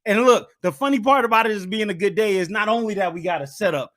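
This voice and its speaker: Man, podcast host, high voice, bright tone, animated, casual monologue. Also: fast talker. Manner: animated, hypes himself up, says "man" a lot.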